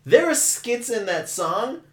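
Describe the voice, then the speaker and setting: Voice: medium pitch, sing-song, takes it slowly. A podcast co-host in casual chat, argumentative and sarcastic.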